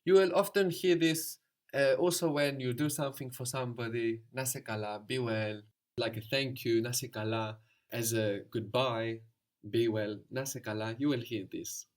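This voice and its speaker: A man's voice: medium pitch, steady tone, moderate pace. A man teaching a language lesson, patiently explaining and prompting his student.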